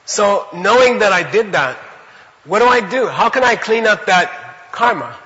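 A man giving an animated, conversational Buddhist teaching to a class, often checking in with his listeners. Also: high-pitched, unhurried, big-room sound, lo-fi sound. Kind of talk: dharma lecture to a class.

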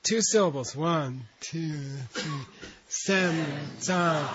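A man's voice: fairly high pitch, takes it slowly, a crowd in the background. A man teaching a class, patiently leading students through a text syllable by syllable and explaining terms as he goes. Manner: patient, breaks words into syllables for students to repeat. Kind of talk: classroom lecture with call-and-repeat reading. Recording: dull lo-fi recording.

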